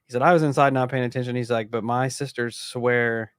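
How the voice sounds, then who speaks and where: A man's voice: medium pitch, fairly even intonation, fairly quick, smooth, no echo, studio quality. Laid-back man chatting on a podcast. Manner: enthusiastic, casual slang, laughs often. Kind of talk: casual chat.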